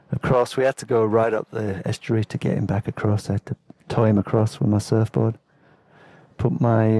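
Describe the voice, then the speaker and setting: A man's voice: lowish voice, mellow, no echo. A man telling rambling travel stories in a laid-back, casual way, laughing now and then. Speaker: podcast host and storyteller. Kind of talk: casual spoken travel memoir.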